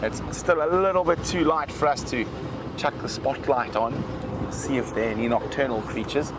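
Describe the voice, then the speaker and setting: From an open vehicle out in the bush, a man hosts a live safari drive, chatting and reading viewer comments aloud as the guide and show host. His voice is medium-pitched at normal speed, with loud vehicle and outdoor noise throughout.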